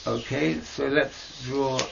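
A man teaching mystical texts in a slow lesson over a video call, hesitant and searching for words with fillers and restarts. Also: fairly even intonation, gravelly, fairly bright tone. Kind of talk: slow explanatory lesson with many pauses. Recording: dull low-fi audio with faint noise.

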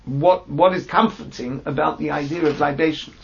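Gravelly high-voiced man teaching Torah. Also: steady tone, a little hiss or hum. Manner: translates Hebrew phrase by phrase, halting restarts. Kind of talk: text study class. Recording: dull lo-fi recording.

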